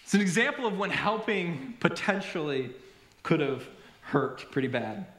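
Male pastor, high voice, animated storyteller, roomy church echo. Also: normal speed. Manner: animated storytelling, self-deprecating humor. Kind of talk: sermon. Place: church sanctuary.

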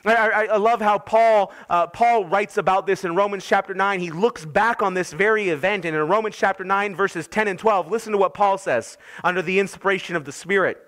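Pastor delivering a sermon, high bright voice, earnest, climbs higher and louder when quoting God. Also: male voice, a little fast, few pauses. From United States. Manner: earnest preaching, rising in pitch and force when voicing God's words.

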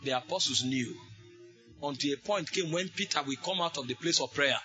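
Male preacher, fairly high, forceful bright tone, fervent sermon with shouted bursts, soft music behind. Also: normal speed.

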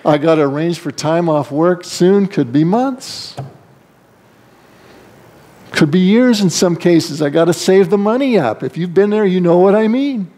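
A man delivers a sermon as pastor, in a lively storytelling manner. He acts out the characters he describes, and his voice leaps up in pitch for them. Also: normal speed, hardly any pauses. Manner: animated storytelling, acting out voices with big pitch swings.

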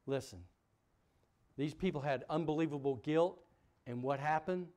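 A man preaching a sermon as pastor, emphatic, asking the congregation questions, swinging from loud peaks to quiet drops. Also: fairly high pitch, normal speed. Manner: asks the congregation rhetorical questions.

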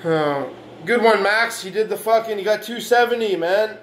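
With a high voice and lively intonation, the fitness vlogger rants at a moderate pace with hardly any pauses. It's a profane, boastful reaction rant aimed at rivals, argumentative and full of "man" and "right." A little hiss or hum sits in the recording.

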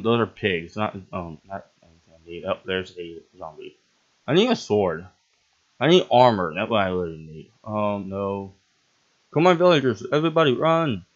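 A man's voice: lowish voice, fairly bright tone, muffled recording. A man giving gameplay commentary who laughs often and bursts into sudden yelps. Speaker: gaming channel host.

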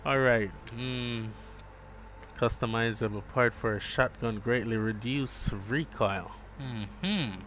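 A man giving relaxed live gameplay commentary, chatting with viewers and calling them bro. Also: medium pitch, slow, pauses often, slight background noise. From Jamaica. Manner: laid-back, chats with viewers, calls them bro. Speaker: gaming streamer.

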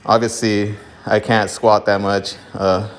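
A man's voice: on the low side, little pitch movement, slow pace. A man talking casually to camera in a home garage gym, out of breath from exercise, laid-back and profane, with lots of fillers. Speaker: vlogger opening card packs. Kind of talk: casual vlog talk to camera.

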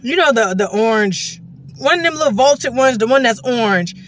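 Bright-voiced woman, slangy taste-test vlog. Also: on the high side, moderate pace. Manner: slangy, animated, bursts into loud exclamations and laughs. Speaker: vlogger reviewing a soda. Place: at a gas station.

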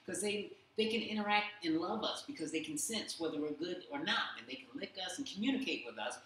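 A man's voice: sits high, expressive, fairly quick, pushed and bright. A man leading a casual Bible study discussion, telling stories animatedly with many fillers. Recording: very echoey room, faint background hum.

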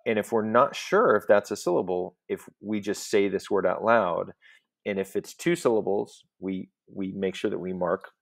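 Low gravelly male teacher. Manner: patient, explanatory, checks in with "okay?". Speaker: Latin teacher. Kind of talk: recorded lesson.

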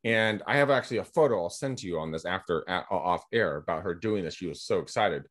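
A middle-aged man from California with a lowish voice, chatting over a video call. He tells rambling, energetic anecdotes and acts out the other people's lines. He speaks as a guest in a relaxed podcast interview. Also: fast talker. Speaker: guest, real estate agent and coach. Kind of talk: casual storytelling in a podcast interview.

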